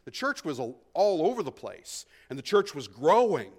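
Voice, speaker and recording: A man preaching an expository sermon, emphatic, swinging between hushed asides and loud stresses, often repeating words as he thinks. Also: fairly high pitch, very animated, normal speed, few pauses. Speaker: pastor.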